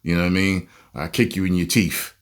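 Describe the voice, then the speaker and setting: A man's voice: low voice, fast talker. A man with a New Jersey accent hosting a casual reaction video, ranting and laughing as he talks. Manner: animated, laughing, rambling rants.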